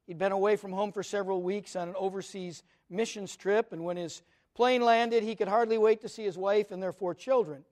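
A man's voice: high voice, steady tone, fairly quick, darkish tone. A middle-aged man, a pastor, giving an earnest, conversational sermon that mixes personal stories with teaching.

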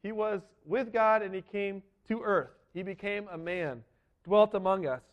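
A man's voice: high voice, a little slow, dull audio. A man giving an earnest, emphatic sermon as a first-person dramatic monologue. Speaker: preacher.

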